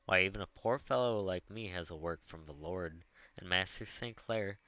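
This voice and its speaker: A gentle, devoted servant man speaks with earnest feeling, voiced by a male audiobook reader. The voice sits low and the recording is dull and dry, without room sound. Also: normal speed, dry recording. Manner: earnest and pleading.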